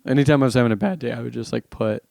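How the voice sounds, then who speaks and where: A man's voice: mid-range voice, racing, creaky, a little mellow, dry recording. A man who is a comedian, telling stories animatedly in a casual podcast chat and laughing often. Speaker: comedian guest.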